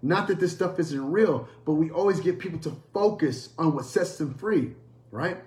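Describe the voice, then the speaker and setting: A man preaching a sermon as a pastor, emphatic and repetitive, moving between loud calls and quieter storytelling. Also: a little high, normal speed, roomy sound.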